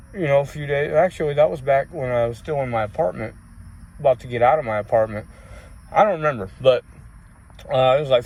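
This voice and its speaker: Rambling, foul-mouthed man telling stories. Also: mid-range voice. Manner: rambling, heavy swearing, frequent fillers. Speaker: vlogger. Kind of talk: casual storytelling.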